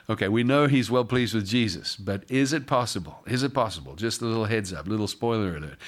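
A pastor reading scripture aloud during a sermon, breaking off often to comment and joke with the congregation. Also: male voice, on the low side, fairly bright tone.

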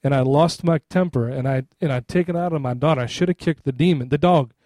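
Mellow-voiced male pastor preaching conversationally. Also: a little high, fast, no echo, clean studio sound. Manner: conversational, repeats "right?" to the congregation. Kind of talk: sermon.

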